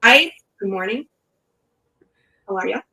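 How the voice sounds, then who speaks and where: A woman's voice: mid-range voice, lively intonation, a little slow, creaky, pushed and bright, rough recording. A woman from Michigan with a Midwestern accent, hosting a casual talk show, chatty and laughing often. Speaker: podcast host. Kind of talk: casual chat.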